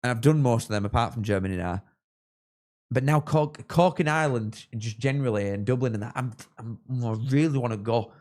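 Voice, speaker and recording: A man's voice: medium pitch, brisk. Chatty young man streaming. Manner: chatty, rambling, bursts into excited shouts at chances. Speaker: streamer hosting a live football watchalong. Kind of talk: casual live-stream chat with match reactions.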